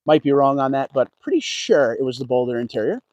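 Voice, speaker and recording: A man's voice: mid-range voice, expressive, fast talker, a little mellow, dull audio. A man walking a dealership lot on a casual livestream, chatting with viewers and greeting them by name. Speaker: car vlogger. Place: outdoors at a car dealership lot.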